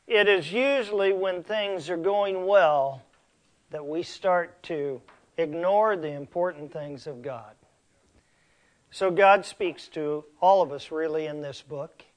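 A middle-aged man preaching a sermon as pastor, slow and emphatic, asking the congregation rhetorical questions. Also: high voice.

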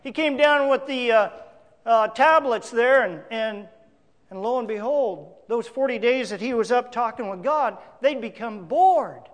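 A male pastor preaching a sermon, emphatic, with big swings between loud declarations and quiet asides. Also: very high voice, big-room sound.

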